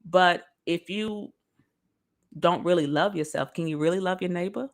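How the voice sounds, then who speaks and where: A woman giving a casual motivational talk on self-love straight to her viewers, lively and preachy. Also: on the low side, moderate pace. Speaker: motivational speaker.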